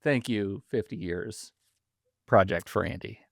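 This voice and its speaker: A man's voice: fairly low pitch, a little slow, gravelly, no echo, clean studio sound. A man co-hosting a film podcast in casual chat, playful and joking. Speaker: podcast co-host.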